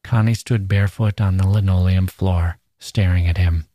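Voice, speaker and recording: Deep-voiced man reading a story aloud. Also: fairly even intonation, moderate pace, hardly any pauses, mellow, dry recording, clean studio sound. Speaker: podcast host.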